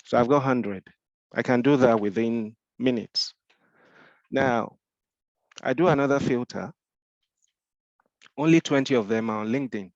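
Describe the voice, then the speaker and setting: A man's voice: mid-range voice, unhurried, pauses often, a little mellow, no room sound, lo-fi sound. A man with a Nigerian accent, mentoring in a Q&A discussion, explaining with rhetorical questions and frequent repeated restarts.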